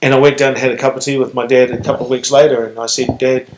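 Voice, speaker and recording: A man with a New Zealand accent, telling a personal story to an audience in an earnest, halting way with pauses. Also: medium pitch, level tone. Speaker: guest speaker. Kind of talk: reflective public storytelling Q&A. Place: stage in a hall. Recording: roomy hall sound.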